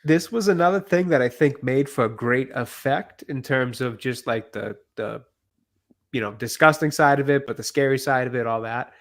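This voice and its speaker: A man co-hosting a casual film review chat, giving measured, hedging comments. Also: mid-range voice, a bit bright. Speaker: film podcast co-host.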